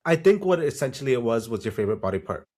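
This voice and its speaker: A man's voice: mid-range voice, rapid-fire. Laid-back man podcast co-host. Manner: relaxed, agreeable, frank and salty. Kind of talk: casual chat reviewing a TV show.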